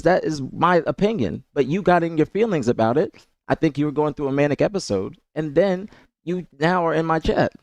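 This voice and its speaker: A man's voice: a little high, creaky, darkish tone, dry recording. A man streaming live, ranting heatedly at his chat and repeating himself, with incredulous laughs. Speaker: streamer and esports analyst. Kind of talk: livestream rant to chat.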